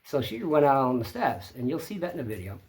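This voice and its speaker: A man's voice: medium pitch, very animated, fast talker. A man hosting his own channel, telling a story to camera in a plainspoken, rambling way. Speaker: channel host.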